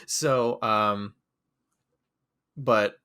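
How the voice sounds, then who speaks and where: A man's voice: lowish voice, fairly even intonation, extremely slow, pushed and bright, smooth. A young man co-hosting a podcast, telling a rambling story and laughing often. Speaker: podcast co-host. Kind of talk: casual chat.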